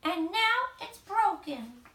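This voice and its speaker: A woman's voice: extremely high pitch, big pitch swings, slow pace, pushed and bright, slight background noise, voice pushed up, full character voice. A woman voicing a small, sulky baby bear cub who whines and stutters, reading a storybook aloud. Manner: whiny, stuttering. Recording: echoey room, mic at a distance.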